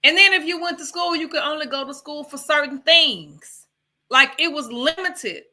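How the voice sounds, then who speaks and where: A woman from Texas co-hosts a casual livestream podcast in a very bright, slightly high voice. She rambles and circles back, stopping to ask viewers to help her pick up her thread. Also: normal speed. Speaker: podcast co-host.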